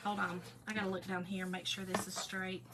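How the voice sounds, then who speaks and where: A woman's voice: medium pitch, level tone, brisk, background noise. A middle-aged woman, hosting a casual crafting livestream and chatting folksily to her viewers as she works.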